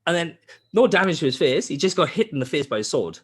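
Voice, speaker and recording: Talking at a quick pace in a husky voice, the podcast host narrates a game's plot casually and animatedly. He curses a lot and imitates the characters, speaking their lines in a high voice.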